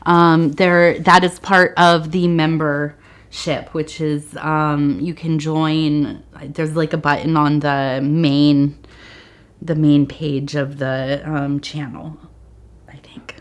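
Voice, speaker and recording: A woman giving a soft-spoken ASMR tea leaf reading, meandering with fillers and sometimes dropping to a whisper. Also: low voice, level tone, slow pace, smooth.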